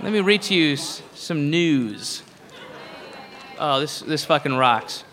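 A male stand-up comedian ranting in an incredulous, mocking, profane way, shouting at the peaks, live at a comedy venue. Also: a little high, animated, takes it slowly, a faint crowd, slight background noise. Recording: live in a reverberant hall with audience.

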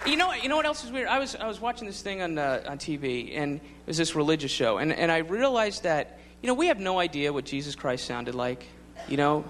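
Male stand-up comic, slightly high voice, wry and rambling, live crowd heard behind. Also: very animated, a little fast, hardly any pauses. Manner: wry, rambling, with laughing asides. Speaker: stand-up comedian. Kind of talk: stand-up routine. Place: comedy club stage. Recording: live club with crowd and noise.

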